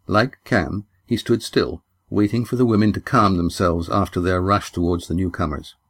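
A man narrating an audiobook in a measured storytelling manner. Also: low-pitched, steady tone. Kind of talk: scripted narration.

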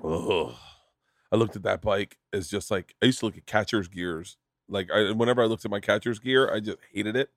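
A man's voice: lowish voice, fairly even intonation, fairly quick, dry recording, studio quality. A man hosting a casual podcast chat, telling loose, profane stories. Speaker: podcast host.

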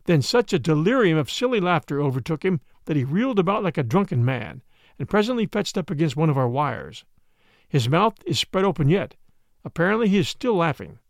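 A man reading a story aloud as an audiobook narrator, with expressive, shifting emphasis. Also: fairly high pitch, brisk, creaky, dry recording, studio quality.

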